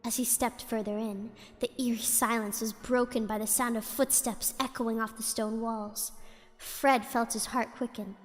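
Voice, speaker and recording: High-voiced woman giggling through spooky reading. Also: fairly even intonation, moderate pace, in a large hall. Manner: giggles often while reading, breaks off to chat. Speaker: streamer reading stories. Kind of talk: casual spooky story reading.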